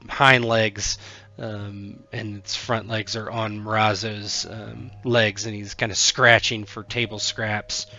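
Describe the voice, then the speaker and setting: A man narrating as game master of a tabletop game, halting and full of fillers. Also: on the low side, flat delivery, pushed and bright, highs cut off.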